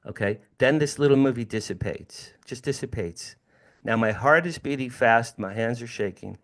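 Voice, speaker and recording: A man in his sixties from New Jersey, a guest speaker telling a personal story in an animated way, repeating phrases and speaking directly to his audience. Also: medium pitch, moderate pace. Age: 60s.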